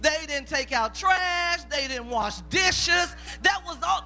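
A woman's voice: high-pitched, animated, slow, hardly any pauses, sharp tone, soft background music. A woman preaching in a plain-spoken, folksy way about mothers and children. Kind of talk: sermon.

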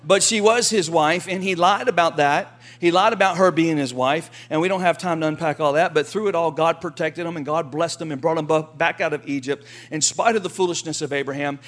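A man with a high voice preaches a sermon in a lively, folksy style. He keeps the tone conversational and acts out quotes along the way. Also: brisk, hardly any pauses. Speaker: pastor.

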